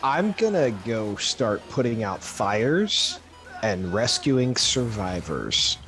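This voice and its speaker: A man's voice: fairly low pitch, very animated, slow pace, a bit bright, soft background music. A man playing a tabletop role-playing game, casually planning his character's moves aloud. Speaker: player.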